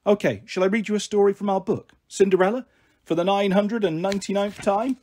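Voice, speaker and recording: A man's voice: sits high, brisk, a little mellow, pitched above the performer's own voice. A man doing a playful big-sister girl. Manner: playful, coaxing storytelling.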